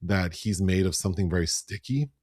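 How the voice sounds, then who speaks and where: Deep-voiced man retelling a film. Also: brisk, breathy edge, no echo, clean studio sound. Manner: animated, breaks into high voices when quoting. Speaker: podcast co-host. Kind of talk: casual film review chat.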